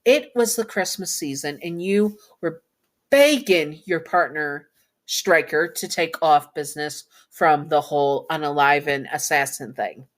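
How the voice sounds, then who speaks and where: A woman's voice: sits low, measured pace. Chatty woman reading fan fiction aloud. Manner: chatty, with self-correcting asides. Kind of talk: casual story reading.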